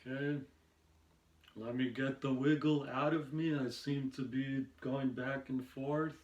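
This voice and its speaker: A man doing amateur stand-up, telling meandering personal stories in a halting way, with many pauses and fillers. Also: mid-range voice, steady tone, echoey room, highs cut off. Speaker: amateur stand-up comedian and podcast host. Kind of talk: rambling stand-up storytelling.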